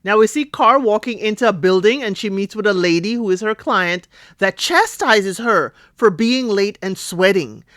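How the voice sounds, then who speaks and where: A woman's voice: mid-range voice, normal speed, no room sound, studio quality. A middle-aged woman hosting a podcast, casually recapping a TV episode, acting out the characters' lines with playful asides. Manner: chatty, animated retelling with playful asides and laughs; acts out characters' lines in quotes.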